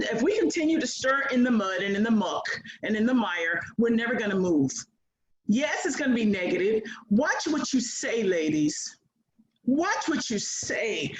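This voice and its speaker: A guest speaker from the United States in her sixties delivers a bold, preacher-like motivational speech to an audience of women, mimicking others as she goes. Her voice is a little high, and the recording is rough with an echoey room.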